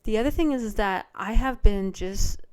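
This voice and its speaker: A middle-aged woman talks through her podcast at home in a loose, rambling way, full of ums and likes. Her voice is smooth and clear, sitting at an ordinary pitch for a woman. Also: normal speed, darkish tone. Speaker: podcast host. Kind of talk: casual solo podcast chat. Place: home, by a window.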